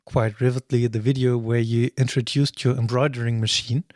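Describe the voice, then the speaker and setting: A man hosts a podcast in a casual chat, with a voice of ordinary middle pitch. He throws in short, joking remarks between his questions. His voice sounds close and dry, with no room around it. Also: flat delivery, a little fast, a little mellow, dry recording. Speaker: podcast host.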